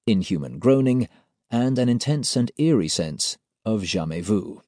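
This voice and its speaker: Guy narrating an audiobook, mellow low voice, steady formal report-reading tone. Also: no echo, studio quality. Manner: measured, formal report-like delivery.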